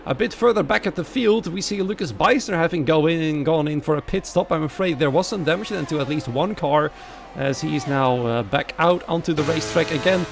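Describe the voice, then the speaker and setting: Faint music plays behind a Dutch-accented man from the Netherlands as he commentates a live sim racing event and reads the chat aloud. His voice sits on the high side with vocal fry and a fairly quick pace, quiet and chatty during the wait but livelier and louder when racing begins.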